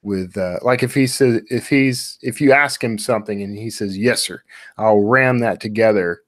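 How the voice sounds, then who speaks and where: A man, an author guest, explaining his writing methods in a relaxed casual chat with lots of fillers. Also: fairly low pitch, normal speed, no room sound, clean studio sound.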